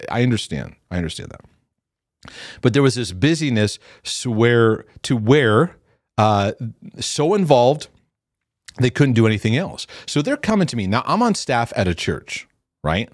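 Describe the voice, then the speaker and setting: Animated and prone to restarts, a middle-aged ex-youth pastor tells teaching stories casually and acts out what people said. His voice is mid-range, recorded at studio quality without echo.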